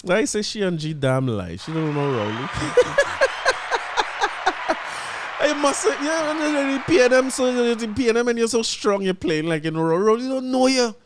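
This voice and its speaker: A man with a Trinidadian accent hosting his podcast, telling a story in casual chat, animated and laughing as he acts out what people said. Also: very high-pitched, a little slow, pauses often, background noise. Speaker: podcast host.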